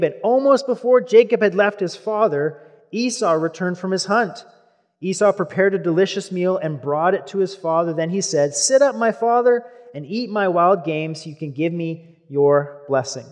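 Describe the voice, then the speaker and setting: A man with a noticeably high voice delivering a sermon, moving between scripture reading and easygoing explanation. His voice trails off into a long reverb, as if he is speaking in a large hall. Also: normal speed. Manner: reads scripture aloud, then explains it in relaxed asides.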